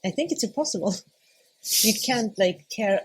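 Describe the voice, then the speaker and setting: A young woman, a podcast guest, talking casually and hesitantly, often searching for words and laughing softly between thoughts. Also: mid-range voice, expressive, normal speed, slight background noise. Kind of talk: casual conversation.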